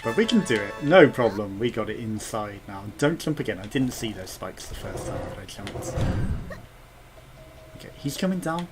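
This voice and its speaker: A man's voice: on the low side, sing-song, normal speed, music in the background. A man giving casual gameplay commentary as a let's play gamer, chatty and thinking aloud with muttered asides.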